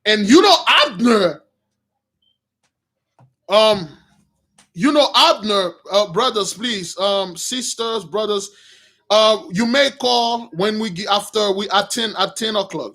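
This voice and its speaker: A man's voice: high-pitched, a little slow, a bit bright. A man, a Bible teacher, retelling a Bible story in a rambling, slangy way with many restarts.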